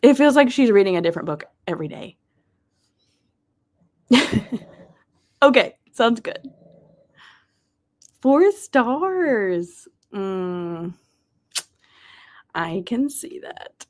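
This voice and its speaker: A woman hosting a live reading stream, chatting casually, reading viewers' messages aloud, often laughing and sometimes dropping to a soft whisper. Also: a little high, big pitch swings, very slow, pauses often. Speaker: livestream host of reading sprints.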